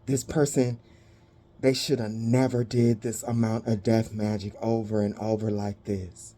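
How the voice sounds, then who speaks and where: A woman giving a spiritual reading to her viewers, dramatic and blunt, swearing freely and pausing to catch her breath. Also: very deep voice, flat delivery, warm tone. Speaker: spiritual reader.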